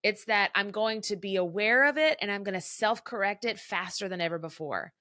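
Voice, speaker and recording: A woman in her thirties hosts a casual advice talk, chatty and animated and quick to laugh. Her voice sits in a middle register. The sound is dry and close, with almost no room around it. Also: medium pitch, dry recording. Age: 30s. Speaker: podcast host.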